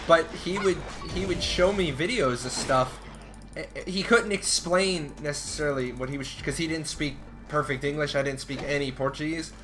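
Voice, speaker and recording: A man from the United States streaming a video game, rambling casually with frequent swearing and laughter. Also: fairly high pitch. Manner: rambling, profane, laughs often. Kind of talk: casual gameplay commentary. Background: game music and keyboard typing.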